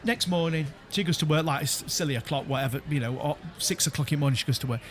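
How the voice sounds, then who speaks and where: A man's voice: fairly high pitch, fast talker. A man, co-hosting a casual chat among friends and telling a rambling story full of restarts and laughter. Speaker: podcast co-host.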